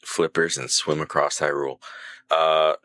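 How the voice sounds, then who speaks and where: A man's voice: a bass voice, flat delivery, unhurried, pushed and bright, no echo. A man co-hosting a casual gaming podcast, rambling and laughing as he retells scenes. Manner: rambling, laughs often, acts out game characters. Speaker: podcast co-host.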